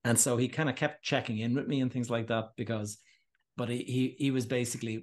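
A man hosting a podcast, sharing a personal story in a relaxed way and asking his guest follow-up questions. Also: medium pitch, brisk. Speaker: podcast host. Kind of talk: conversational interview.

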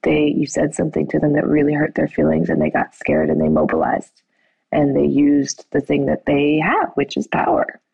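A woman's voice: deep voice, big pitch swings, moderate pace, creaky, darkish tone, husky, dry recording, muffled recording. A middle-aged woman telling a family story in a conversational way, acting out quoted dialogue with fillers and restarts.

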